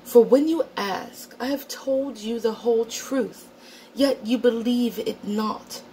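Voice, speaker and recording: A woman's voice: a little high, slow pace, dark tone, a little hiss or hum, voice pushed up, rough recording. A woman putting on a pompous, self-righteous man who preaches in archaic old English, recited in a theatrical mock-Shakespearean manner. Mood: aggrieved.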